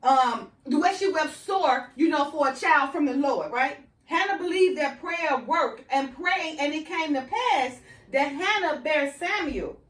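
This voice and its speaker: A woman's voice: sits high, fairly bright tone, recorded from a distance. A woman giving an informal sermon, preaching conversationally and checking in with "right?" and "you know" often. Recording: echoey room, voice set back from the mic.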